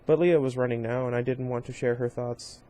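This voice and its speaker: A man reading a novel aloud in an informal, unpolished way. His voice sits at a middle pitch, and he trips over words now and then, correcting himself and adding brief asides. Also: steady tone, fairly quick, dark tone. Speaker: reader.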